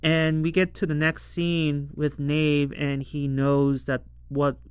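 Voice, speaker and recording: A man's voice: fairly high pitch, level tone, slow pace, clean tone, no room sound, clean studio sound. A man hosting his own show, chatting casually through an episode recap and laughing often. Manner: chatty, laughs often, fillers like "you know" and "whatnot". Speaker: show reviewer and host.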